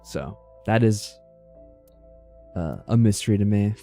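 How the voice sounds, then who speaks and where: A man's voice: fairly low pitch, a little slow, soft background music. Playful man streaming a game. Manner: playful and animated, reacting aloud. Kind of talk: casual let's-play chat.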